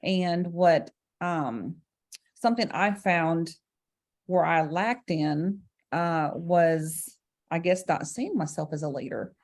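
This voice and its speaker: A woman with a slightly low voice hosts a casual conversation. She sets up each topic in a measured way and sounds encouraging, with some fillers along the way. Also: a little mellow. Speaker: host. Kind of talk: casual recap chat.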